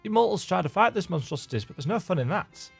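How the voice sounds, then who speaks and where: A man's voice: high voice, sing-song, quick pace, gravelly, husky, faint music behind, voice pushed up, heavily acted. A man voicing a mischievous, fun-loving pixie fairy in a video game, reading its lines aloud in a sing-song, teasing way with an attempted Scottish lilt. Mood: playful.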